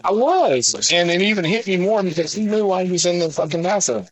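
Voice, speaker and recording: A man rants to a coworker, exasperated and swearing freely. His voice sits somewhat high for a man. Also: big pitch swings, fairly quick, few pauses, low-quality recording. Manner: profane, exasperated ranting. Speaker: store coworker. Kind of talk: casual chat.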